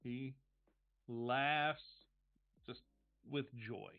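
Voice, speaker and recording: A man's voice: mid-range voice, very slow, creaky, clear, resonant tone. A man narrating as game master of a tabletop game, hesitant with frequent restarts. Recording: tinny call audio with faint music.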